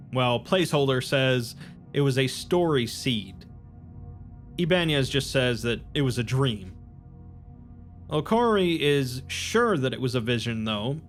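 Man calmly recapping a story over music. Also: mid-range voice. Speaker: narrator.

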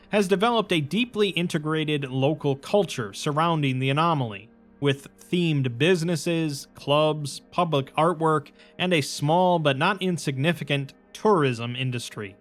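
Male narrator, slightly high voice, matter-of-fact scripted retelling, faint music bed. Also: fairly bright tone. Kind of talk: scripted narration summarizing a story.

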